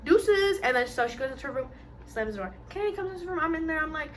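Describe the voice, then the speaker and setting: A young adult woman telling a long story in casual mukbang chat, animated and full of fillers, acting out what others said. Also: high-pitched, very fast. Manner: animated storyteller, acts out quotes, many fillers.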